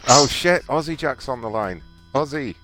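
A man's voice: mid-range voice, animated, moderate pace, a bit bright, soft background music. A man hosting a prank call show, mock-polite with callers and profane with his co-hosts.

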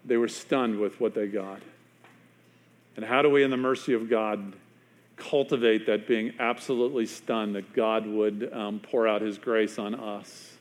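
A man preaching a sermon as a pastor, telling a story with long pauses and dropping to a hushed, quiet voice for emphasis. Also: lowish voice, fairly even intonation.

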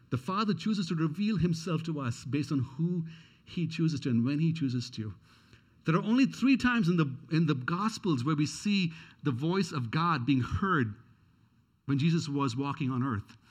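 A man's voice: a little high, slightly rough. A man preaching a sermon as pastor. He speaks earnestly and repeats his key questions for emphasis.

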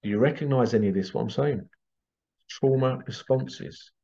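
Man, therapist monologue, mid-pitched voice, repeats himself, dull lo-fi audio. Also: normal speed, creaky, mellow. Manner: rambling, repeats phrases, acts out quoted voices. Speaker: healing therapist. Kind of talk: casual monologue to camera.

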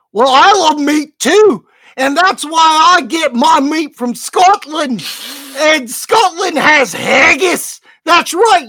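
A woman doing a brash fake-accent haggis pitchwoman. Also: no echo, full character voice. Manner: brash, shouty hard-sell delivery.

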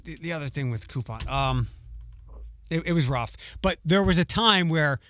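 Slightly high-voiced man telling rambling stories. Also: animated, moderate pace, a bit bright. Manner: rambling, self-interrupting anecdotes with swearing. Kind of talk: casual storytelling chat.

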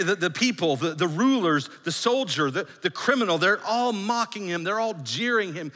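A man preaching a sermon as a pastor, emphatic, repeating phrases and dropping to a hush for effect. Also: sits high, big pitch swings, moderate pace, hardly any pauses, long reverb tail. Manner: emphatic, with repeated phrases and dramatic hushed drops.

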